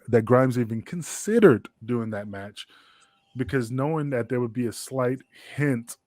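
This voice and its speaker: A man's voice: mid-range voice, dry recording, studio quality. A man, a guest wrestler, telling a long, rambling, profane backstage story in an interview. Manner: rambling, profane, full of fillers.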